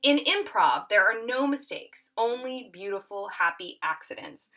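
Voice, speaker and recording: A woman's voice: medium pitch, animated, unhurried, sharp tone. A middle-aged woman teaching a tutorial, reading an excerpt aloud and acting out the quoted lines with lots of expression.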